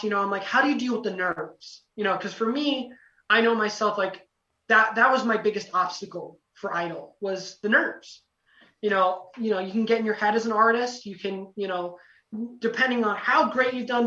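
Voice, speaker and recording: A young man telling a casual story as a podcast guest, lively, acting out quotes, with lots of "you know" fillers. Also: sits high. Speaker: podcast guest, former singing contestant. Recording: roomy, distant, dull lo-fi sound.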